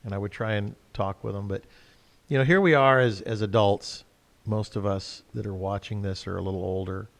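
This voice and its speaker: Reflective low-voiced man, reverberant room. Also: creaky. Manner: reflective, calm, halting. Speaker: host. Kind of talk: spiritual discussion. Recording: long hall reverb.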